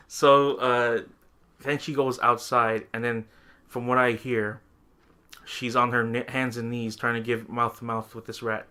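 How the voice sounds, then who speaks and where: A man's voice: mid-range voice, little pitch movement, measured pace, bright, forceful tone, clear, resonant tone. A man co-hosting a podcast, telling a story in casual chat, laughing often and acting out quoted lines. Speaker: podcast co-host.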